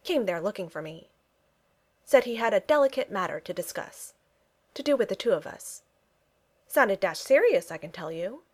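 A woman voicing a blunt, good-natured young Regency gentleman who talks in clipped phrases and drops his pronouns. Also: mid-range voice, animated, moderate pace, long pauses, natural voice. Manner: clipped speech, dropped pronouns.

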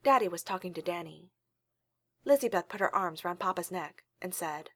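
A woman reading a story aloud in a calm, steady storytelling manner. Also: fairly low pitch, normal speed, dry recording. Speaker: reader.

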